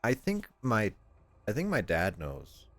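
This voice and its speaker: His fairly low voice swoops wildly in pitch, sounds fairly bright, and moves at a slow pace. The young man is streaming and chatting casually, rambling, repeating himself, and mimicking family members in voices.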